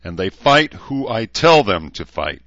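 Stern veteran drill sergeant, read by a man, clipped and cold, low-pitched, dry booth. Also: big pitch swings, measured pace, a bit bright, no echo, lo-fi sound. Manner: clipped commands.

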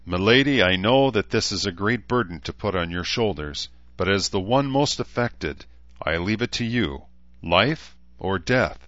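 A man voicing a commanding woman leader who speaks with earnest, measured persuasion, in an audiobook. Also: lowish voice, animated, a bit bright, no echo, muffled recording. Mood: earnest, firm. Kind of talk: audiobook character voice.

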